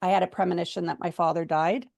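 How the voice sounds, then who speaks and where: Woman, gravelly voice, dry close sound, earnest chatty storytelling. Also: lowish voice, steady tone, fast talker, a little mellow, no echo, lo-fi sound. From United States. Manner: earnest, chatty with many fillers. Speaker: seminar speaker. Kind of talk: personal storytelling in a talk.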